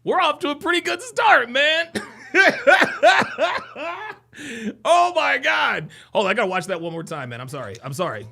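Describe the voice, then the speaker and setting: A man hosting a live stream, reacting excitedly to a clip with laughter, shouting and lots of repetition. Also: extremely high pitch, a little slow, gravelly, long pauses.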